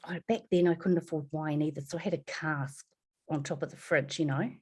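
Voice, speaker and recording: A woman's voice: low voice, fairly quick, slightly rough. A woman with a New Zealand accent, a podcast guest telling her adoption story candidly, acting out voices as she goes. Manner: lively, swears, acts out voices in her story.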